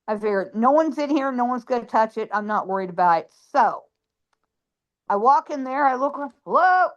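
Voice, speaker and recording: A woman guest on a phone, telling a ghost story in a lively way and acting out her own lines. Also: fairly high pitch, a little fast, muffled recording.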